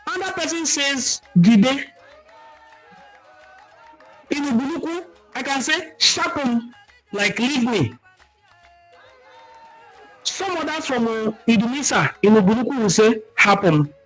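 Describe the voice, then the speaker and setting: A man with a Nigerian accent hosts a livestream talk, his voice sitting notably high for a man. He teaches in an animated, emphatic way and reads out viewer comments. Faint music plays underneath. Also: normal speed, rough recording. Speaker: cultural talk host.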